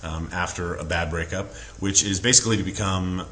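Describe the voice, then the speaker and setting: Low-voiced man coaching with frequent "okay?". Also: steady tone, a little fast, a bit bright, a little hiss or hum. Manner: earnest coaching tone, frequent fillers and "okay?" check-ins. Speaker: relationship advice presenter. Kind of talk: instructional talk to camera.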